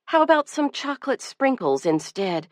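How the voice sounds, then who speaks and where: A woman voicing a busy middle-aged mother in an audiobook, bright and coaxing. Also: fairly high pitch, sing-song, moderate pace, dry recording, studio quality, voice pushed up. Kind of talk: audiobook character voice.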